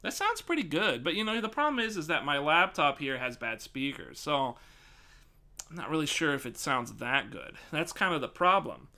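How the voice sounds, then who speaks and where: A man streaming live, thinking aloud and swearing casually as he tests his desk microphone, often projecting near a yell. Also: a little high, sing-song, moderate pace, creaky. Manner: projects loudly, near yelling into the mic. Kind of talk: live stream mic test, casual chat.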